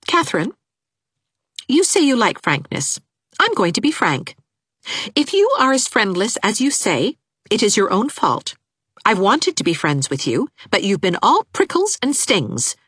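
A woman's voice: mid-range voice, wildly swooping pitch, measured pace, a bit bright, breathy edge, no echo, studio quality, voice pushed up, exaggerated voice. A woman reader voicing an earnest, eager young woman teacher who speaks imploringly, in an audiobook. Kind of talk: audiobook character voice.

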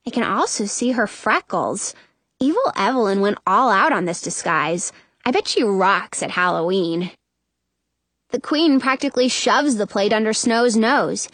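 A woman narrating a children's story in the first person, chatty and expressive. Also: mid-range voice, a little slow, no room sound. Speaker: audiobook narrator.

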